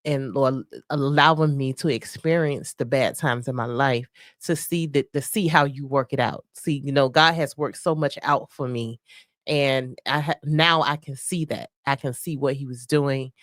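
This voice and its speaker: A woman co-hosting a faith-based marriage podcast, talking softly and reflectively with many pauses and fillers. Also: very deep voice, no room sound, clean studio sound. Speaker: podcast co-host. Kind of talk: casual faith-based chat about marriage.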